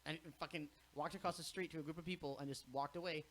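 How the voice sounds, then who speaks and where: Young guy podcast host, rambling animated stories, lots of swearing, bit of hiss behind him. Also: fairly high pitch, fast talker. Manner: animated storyteller, swears freely, acts out quotes. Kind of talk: casual chat.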